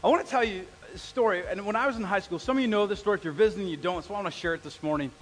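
A man's voice: high-pitched, rapid-fire. A middle-aged man preaching a sermon, telling a story and acting out quoted voices as he addresses the congregation. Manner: animated, acts out quoted voices, talks to the congregation. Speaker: pastor. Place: church hall. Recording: long hall reverb in a church.

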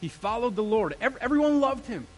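A male pastor preaching an energetic sermon, throwing questions out to the congregation. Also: extremely high pitch, fairly quick, low-quality recording.

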